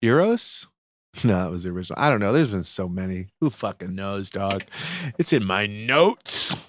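A man's voice: low-pitched, expressive, normal speed, a little hiss or hum. A man co-hosting a podcast, sarcastic and profane, ranting in casual chat. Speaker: podcast co-host.

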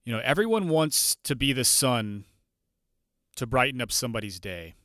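A man hosting a podcast, telling a story in a loose, animated way and now and then acting out the people in it. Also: mid-range voice, normal speed, no echo, clean studio sound. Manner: warm, animated, loose and profane, mimics voices in anecdotes. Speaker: podcast host. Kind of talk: casual storytelling monologue.

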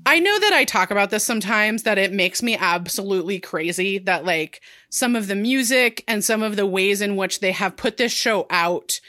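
Chatty bright-voiced woman podcaster. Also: medium pitch, normal speed, hardly any pauses, no echo, clean studio sound. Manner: chatty, heavy use of "like", excitable asides. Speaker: podcast co-host. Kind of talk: casual chat recapping a TV episode.

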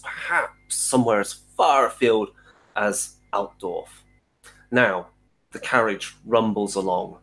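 A man narrating as game master in a tabletop role-playing game, often pausing with fillers. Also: fairly low pitch, low-quality recording. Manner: hesitant, many fillers and restarts.

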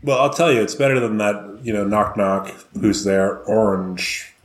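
Middle-aged dad in an echoey room. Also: male voice, fairly low pitch, moderate pace. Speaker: podcast co-host. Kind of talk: casual chat.

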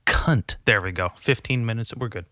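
A man's voice: lowish voice, moderate pace, fairly bright tone, dry recording, studio quality. A young man ranting casually from his apartment, rambling and profane, mocking himself as he goes. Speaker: vlogger. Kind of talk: casual profane rant to camera. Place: apartment at home.

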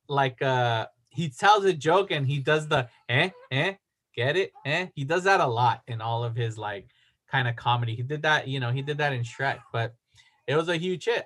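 A man's voice: fairly high pitch, a bit bright. A man co-hosting a podcast, talking in casual chat and rambling with many restarts while he reads facts aloud. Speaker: podcast co-host.

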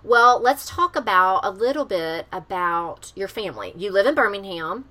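A woman's voice: mid-range voice, animated, pushed and bright. A woman hosting a podcast and chatting casually with her guest in a bubbly, gushing way. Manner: bubbly, gushing, quick to quote others. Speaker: podcast host.

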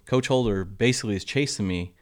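A middle-aged man, a golf coach telling lively stories in an interview and acting out the quotes. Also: quick pace. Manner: animated storyteller, acts out quotes, drops to a low murmur for asides. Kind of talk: casual interview storytelling.

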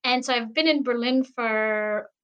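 A Canadian woman scientist talking as a guest in an interview, animated and often laughing. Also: on the high side, measured pace, clear, resonant tone, muffled recording. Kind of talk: conversational interview. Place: at home in Berlin, remote call.

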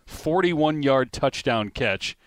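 A man's voice: mid-range voice, animated, slow pace, a bit bright, smooth, no room sound, studio quality. A man who hosts a sports talk show, calling play-by-play and steering the segment. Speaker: play-by-play announcer and host.

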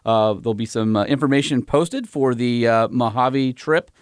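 A man hosting a podcast who reads sponsor ads live in an upbeat, brisk way and teases his co-host in casual chat. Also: mid-range voice, clean tone, no room sound, studio quality. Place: small cramped room.

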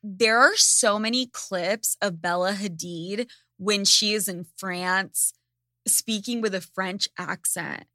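A woman's voice: medium pitch, slow pace, sharp tone, no echo, studio quality. A woman hosting a casual chat, ranting sarcastically and swearing freely. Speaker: podcast host.

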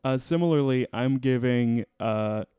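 Smooth-voiced male podcast host. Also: medium pitch, unhurried, warm tone, no echo. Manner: rambling, many fillers and restarts. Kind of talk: casual podcast chat reviewing a TV show.

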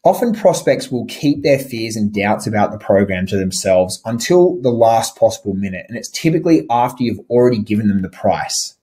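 A man teaching sales calls in a relaxed, conversational way, often saying "like" and restarting phrases, and acting out how to phrase questions. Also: on the low side, a little fast, hardly any pauses. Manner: conversational, frequent "like" and restarts, demonstrates inflection. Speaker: sales trainer. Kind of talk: instructional talk over slides.

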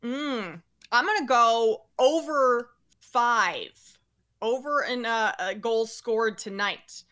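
Female betting analyst guest, bright and punchy, self-mocking confidence. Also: fairly high pitch, takes it slowly. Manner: confident, joking about herself. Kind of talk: casual sports betting chat.

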